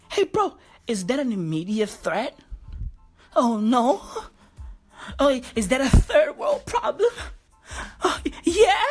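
A woman delivering a profane, mocking comedy rant full of slang. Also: medium pitch.

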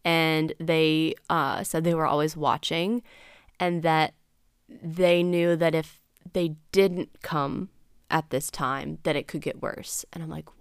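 A woman's voice: sits low, steady tone, slow pace, clean tone, no echo, studio quality. A young adult woman hosting a podcast, telling a personal story in a candid, rambling way full of fillers and acted-out dialogue. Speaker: podcast host.

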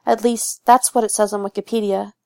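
A nervous teenage ghost boy asks hesitant, curious questions, as a woman reads him aloud. His lines sit a little higher and louder than the narration, with a gravelly edge, in a dry, close recording. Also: level tone, a little fast, dry recording, lightly acted. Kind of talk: fan fiction audiobook reading.

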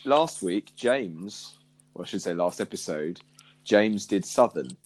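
A man co-hosting a casual podcast, animated and keen to argue his point. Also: low-pitched, a little slow. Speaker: podcast co-host. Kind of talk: casual banter.

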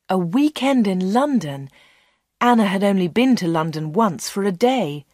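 A woman reading a storybook for learners aloud, slow, clear and measured. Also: medium pitch, animated, darkish tone, no echo, studio quality. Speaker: narrator.

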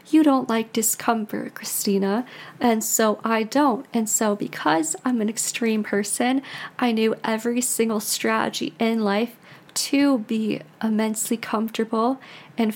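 An American woman in her twenties, a podcast host, talking in a rambling, confessional way with many "like"s and restarts. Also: fairly high pitch. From United States. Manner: chatty, rambling, heavy use of "like", frequent restarts. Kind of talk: casual confessional monologue.

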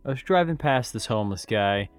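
A man's voice: medium pitch, expressive, brisk, clear, resonant tone, soft background music. A man in casual podcast chat, laid-back and joking, swearing freely as he tells stories.

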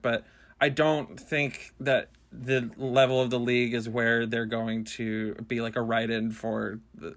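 A man's voice: medium pitch, a bit bright. A man co-hosting a sports podcast, chatting casually and teasing his co-host.

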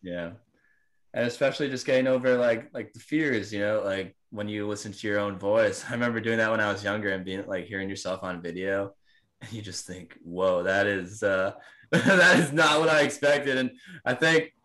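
A man from New Jersey hosting a podcast, chatting casually in a monotone surfer voice with a laid-back manner, plenty of fillers and agreement. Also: lowish voice, a little fast. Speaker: podcast host. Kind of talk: casual conversation.

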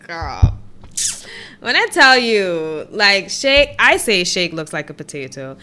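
A woman's voice: medium pitch, big pitch swings, takes it slowly, pushed and bright, clear, resonant tone. A woman co-hosting a podcast, recapping a reality show in a teasing, giggly, mock-exasperated casual chat. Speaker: podcast co-host.

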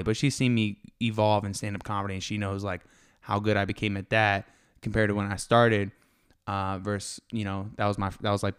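A young man hosting his own podcast, talking fast and excitedly in a casual, animated way. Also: lowish voice, gravelly, clear, resonant tone. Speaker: podcast host. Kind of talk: casual solo podcast talk.

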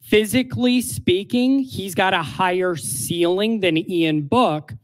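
A man's voice: sits high, takes it slowly. A man co-hosting a casual sports podcast, talking in an emphatic, opinionated way.

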